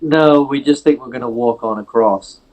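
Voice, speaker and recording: A man's voice: medium pitch, moderate pace, a little mellow, muffled recording. A man playing in a tabletop game, answering in a dry, hesitant way. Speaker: player. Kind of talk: tabletop game chat and role-play.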